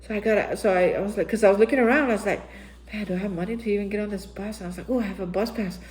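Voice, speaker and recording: A woman's voice: mid-range voice, rapid-fire, a little mellow, low-quality recording. Earnest woman telling a recovery story. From Texas. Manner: earnest storytelling, often acting out its own past lines. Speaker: host of a daily reflection channel. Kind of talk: personal recovery testimony.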